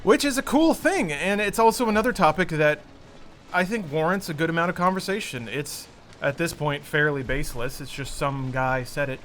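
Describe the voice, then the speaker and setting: Podcast host, male, somewhat high voice, rambling and restarting, faint hiss. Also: normal speed, fairly bright tone. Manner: rambling, restarting sentences mid-thought. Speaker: podcast host reading a sponsor ad. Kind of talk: casual chat.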